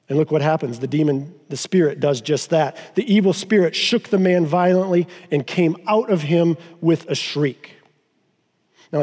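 A man preaching a sermon as pastor, emphatic and slowing down to stress key phrases. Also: fairly high pitch, dark tone, in a large hall. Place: church sanctuary.

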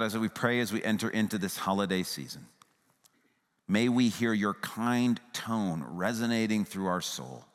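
Low-voiced guy preaching, gets loud then drops to a hush, big reverby hall. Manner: swings from raised, emphatic to hushed, tender. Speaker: pastor. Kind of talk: sermon.

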